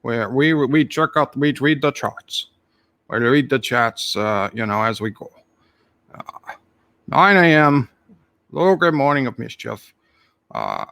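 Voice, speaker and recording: A man's voice: mid-range voice, fairly bright tone, dry recording. A man voicing a jolly Irish leprechaun who rambles through tall tales, full of "aye" and "wee lad", with a put-on Irish accent. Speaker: channel host. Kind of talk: comic character monologue.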